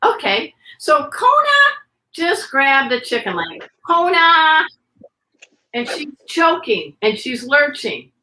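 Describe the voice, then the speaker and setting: A woman guest on a video podcast, teaching pet first aid with an energetic, demonstrative manner. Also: a little high, unhurried, few pauses, slight background noise. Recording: roomy echo.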